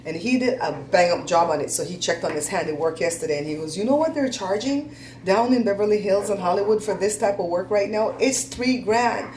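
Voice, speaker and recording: A woman's voice: mid-range voice, fairly quick, darkish tone, roomy sound, a little hiss or hum, rough recording. A woman hosting a casual chat, telling stories in a chatty, laughing, folksy way. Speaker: host.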